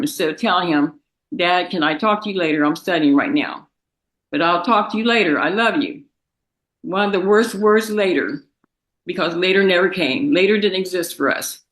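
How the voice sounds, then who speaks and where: A young woman reading a prepared statement in a courtroom, emotional and halting, fighting back tears, with restarts and repeated words. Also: fairly low pitch, a bit bright, poor audio. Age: young adult. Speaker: victim's daughter giving impact statement.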